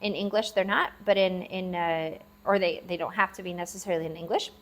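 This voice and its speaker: A woman teaching a language lesson, patiently repeating words slowly and spelling them out. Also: on the low side, fairly even intonation. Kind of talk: classroom-style language lesson. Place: lives abroad in Southeast Asia.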